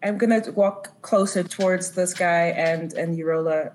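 An earnest woman player speaks for her character in a somewhat low voice. Faint background noise sits behind her. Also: fairly even intonation, normal speed, hardly any pauses, darkish tone, rough recording. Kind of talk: casual tabletop play.

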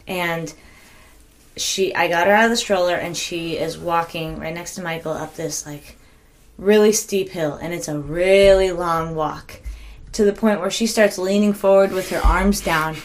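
A woman's voice: lowish voice, measured pace. A young woman, a mom, telling stories casually on a podcast, easygoing and laughing along. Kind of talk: casual chat, storytelling.

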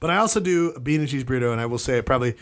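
A man's voice: medium pitch, expressive, very fast. A man co-hosting a casual podcast chat, talking with rambling enthusiasm and some swearing. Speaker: podcast co-host.

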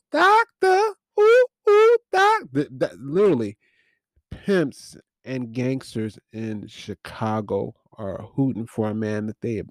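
A man with a dry, close sound who talks at an unhurried pace. He rambles through a film's plot with wry, casually profane asides as a podcast host. The delivery is loose and conversational. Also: mid-range voice, gravelly, dark tone, no room sound. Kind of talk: casual movie recap.

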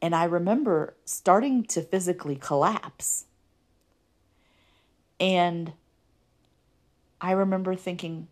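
Woman, low voice, earnest personal testimony, halting delivery. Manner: earnest, halting, with fillers and restarts. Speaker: guest sharing her story.

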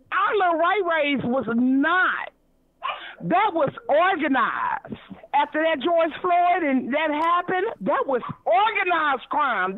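Over a thin, dry phone connection with no room sound, a high-voiced woman from Kansas City, Missouri, chats on a radio call-in show. She wanders as she talks and stumbles on repeated words.

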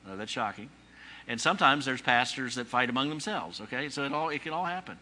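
A man delivers a sermon in a bright, ringing voice of ordinary pitch for a man. He teaches conversationally, with rhetorical questions and dry humor, and he punches repeated phrases for emphasis. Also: animated, fast talker, a little hiss or hum. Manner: emphatic repetition, rising on key phrases. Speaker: pastor.

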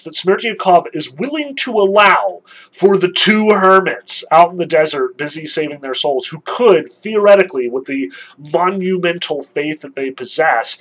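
A man's voice: on the high side, normal speed, a bit bright, breathy edge, low-quality recording. A man giving a literature lecture, explaining in an emphatic, conversational way.

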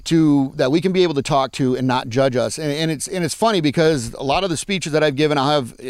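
A man's voice: on the high side, fast, clean tone, no room sound. A man, a guest speaker telling stories energetically in conversation and repeating phrases as he goes. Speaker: guest speaker on farm mental health. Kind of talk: animated storytelling in conversation.

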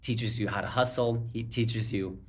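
A man's voice: lowish voice, normal speed. A man in his forties, born in Ukraine with Russian as his first language, speaking with an American accent, chatting as an executive guest in a casual interview with many fillers. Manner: relaxed, chuckling, many fillers.

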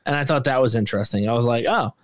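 Racing along in a mid-range voice with no echo, a podcast co-host chats casually reviewing movies. His manner is animated, profane, and given to loud rants.

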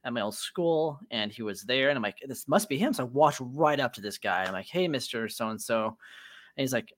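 A man co-hosting a casual conversation, telling anecdotes in a laid-back, joking manner. His voice is mid-pitched but moves up and down a lot as he talks. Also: lively intonation, brisk, fairly bright tone. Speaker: podcast co-host. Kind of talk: casual chat.

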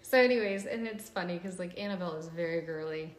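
A woman's voice: lowish voice, quick pace. A woman hosting a podcast, telling stories in casual chat and filling her speech with "like". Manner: chatty storyteller, fills speech with "like". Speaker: podcast host. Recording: echoey room.

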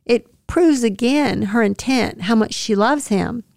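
A woman with a gravelly, fry-edged voice speaks earnestly and tenderly about scripture on her devotional podcast. She is close to the mic in a dry, dead room with no echo. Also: on the high side, unhurried. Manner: earnest, tender, with soft laughs. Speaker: podcast host.

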